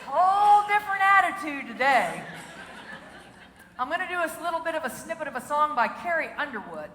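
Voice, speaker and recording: Brief: high, lively woman keynote humorist, bright tone, big echoey hall. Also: fairly quick. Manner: animated, playful, bursts into song. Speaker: motivational keynote speaker. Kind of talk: comedic keynote with singing. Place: large auditorium with audience. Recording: echoey hall, faint noise.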